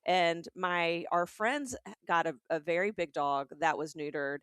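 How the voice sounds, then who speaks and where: A woman's voice: on the low side, unhurried, fairly bright tone, clean tone, no room sound, studio quality. A middle-aged woman from the American South with a Southern accent, co-hosting a comedic podcast in a chatty, laughing way. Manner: chatty, restarts and laughs a lot. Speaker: podcast co-host. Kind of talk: casual chat.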